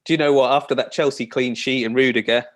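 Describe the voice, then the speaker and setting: A man's voice: medium pitch, fairly even intonation, fast talker. A man co-hosting a casual podcast, talking in a wry, grumbling way. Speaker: podcast co-host.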